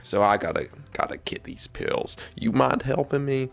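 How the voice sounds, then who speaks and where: A man's voice: medium pitch, animated, normal speed, vocal fry, voice pushed up. A man doing a whiny, raised-voice scientist. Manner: whiny, rambling, hesitant. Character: whiny, flustered male scientist.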